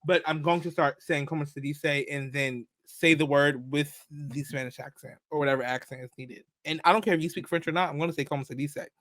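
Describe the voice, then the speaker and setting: A man co-hosting a podcast in casual chat, telling stories in a playful, animated way with quick asides. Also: fairly high pitch, dry recording. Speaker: podcast co-host.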